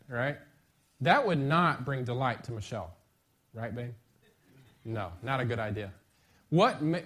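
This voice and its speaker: A middle-aged man preaching a sermon as pastor, lively and conversational, with sudden bursts of emphasis. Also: mid-range voice.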